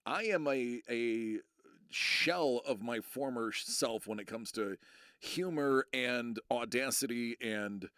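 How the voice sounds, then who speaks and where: A man's voice: mid-range voice, slow pace, a bit bright, dry recording, studio quality. A middle-aged American man chatting casually on a live stream, rambling and joking about himself, full of fillers and restarts. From United States. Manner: rambling, self-deprecating, many fillers and restarts.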